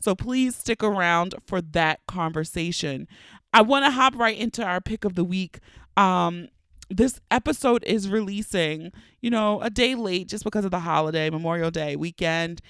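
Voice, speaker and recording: A woman's voice: on the low side, normal speed, clean tone, no room sound. A woman in her thirties hosting her own podcast, chatty and playful, a little stuffy from allergies, talking close to the mic. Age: 30s. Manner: chatty, playful and animated, laughing often. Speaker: podcast host. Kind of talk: casual podcast monologue.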